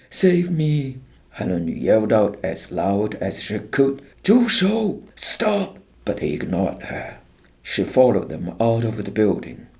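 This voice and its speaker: Slow, gravelly male audiobook narrator. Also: deep voice, warm tone.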